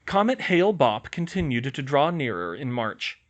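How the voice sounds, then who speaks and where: A man narrating a fan fiction audiobook in a steady, even storytelling manner. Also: mid-range voice, moderate pace, lo-fi sound.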